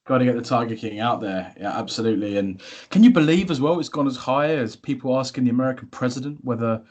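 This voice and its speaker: Man musing aloud at a middle pitch. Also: quick pace, darkish tone. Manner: musing, repeats himself, asks questions. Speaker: podcast host. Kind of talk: casual chat.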